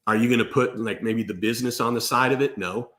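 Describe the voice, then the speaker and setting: A man voicing a client who gives flat, terse answers. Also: medium pitch, fast talker, natural voice. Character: flat-voiced client asking about a boat.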